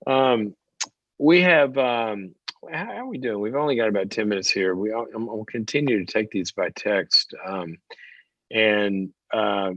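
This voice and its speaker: A man's voice: lowish voice, unhurried, no echo. A middle-aged man hosting a call-in advice show, telling stories and acting out the voices of the people in them. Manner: animated storytelling, acts out quoted voices. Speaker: talk show host and psychologist. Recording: dull dry close mic.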